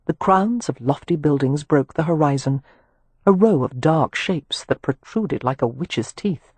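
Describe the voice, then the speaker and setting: Expressive, husky audiobook narrator. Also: mid-range voice, a little slow, dry recording. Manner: expressive, animated storytelling.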